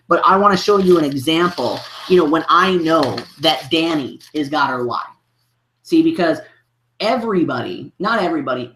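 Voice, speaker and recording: A man's voice: fairly high pitch, bright, forceful tone. A man, a business coach, telling a story in a podcast interview, rambling with many restarts and filler phrases. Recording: roomy echo.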